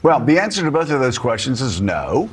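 A man's voice: mid-range voice, very animated, fairly quick, breathy edge. A man hosting a political talk show, talking emphatically with sarcastic asides. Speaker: host.

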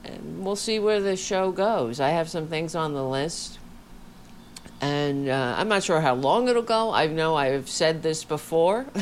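Tired woman host, low-pitched, casual rambling delivery, home mic, faint room hum behind. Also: a little slow. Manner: rambling, chatty, candid. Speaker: podcast host. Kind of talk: casual livestream chat. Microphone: home studio microphone.

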